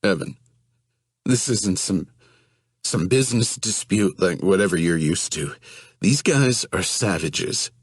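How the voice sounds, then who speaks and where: A man voicing a scared young man who whines and pleads in a husky voice pushed high. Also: expressive, slow pace, dry recording, studio quality, full character voice. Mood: panicked. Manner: pleading, whining, voice cracking high.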